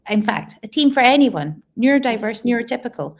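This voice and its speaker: A woman's voice: a little high, lively intonation, fairly quick. A woman guest speaking as an educator in an interview, explaining practical points and often repeating words for emphasis. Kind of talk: conversational interview answers.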